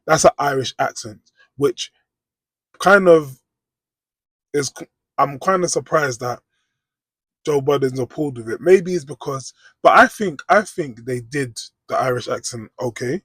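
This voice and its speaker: A man's voice: medium pitch, unhurried, pauses often, a bit bright, breathy edge, no room sound. A British man, chatting casually in a rambling reaction vlog. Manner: chatty, rambling, frequent "do you know what I mean". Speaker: vlogger.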